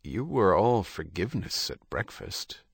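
A man's voice: deep voice, fairly even intonation, measured pace, fairly bright tone, dry recording. A man voicing a wary young man in an audiobook, speaking dryly and absently. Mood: guarded. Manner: dry, absent-minded remarks. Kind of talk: audiobook character reading.

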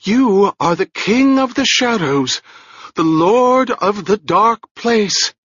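A man voicing a ragged, half-mad old woman with a hoarse, shrill voice and a rambling, fearful way of speaking. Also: very animated, slow, a bit bright, no room sound, dull audio, full character voice. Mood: wild, awed.

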